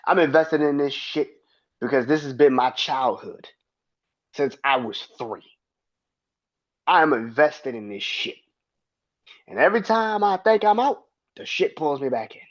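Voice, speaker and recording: Heated, animated man ranting on a podcast. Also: medium pitch. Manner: heated, profane, emphatic. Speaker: podcast host. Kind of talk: solo podcast rant. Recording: dull lo-fi sound.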